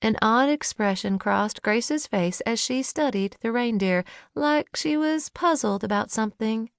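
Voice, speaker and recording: Woman reading an audiobook, slow and measured, dry close mic. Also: on the high side, gravelly, no echo. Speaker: audiobook narrator. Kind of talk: first-person novel narration.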